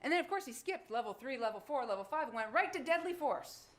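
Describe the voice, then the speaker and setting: A high-pitched, very animated woman speaks fast while giving a closing argument as prosecutor, emphatic and packed with rhetorical questions for the jury. The courtroom recording carries echo and faint noise behind her.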